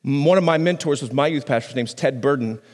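A man, a pastor, preaching a sermon on a microphone in a conversational way, restarting phrases and swinging his pitch up and down for emphasis. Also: fast, a little mellow, in a large hall. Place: church sanctuary.

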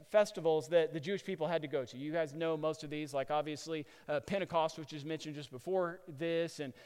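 A man preaching a sermon, telling stories with animation and building to loud peaks. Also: fairly high pitch, clear, resonant tone. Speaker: pastor. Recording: long hall reverb.

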